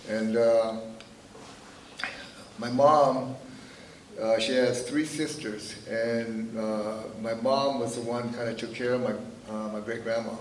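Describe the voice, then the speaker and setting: A man in his seventies telling his family's history at a teach-in, halting and full of "uh" and "you know". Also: mid-range voice, fairly even intonation, slight background noise. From Northern California. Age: 70s. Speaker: speaker at a teach-in. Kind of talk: personal storytelling talk. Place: meeting room. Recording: echoey room, recorded from a distance.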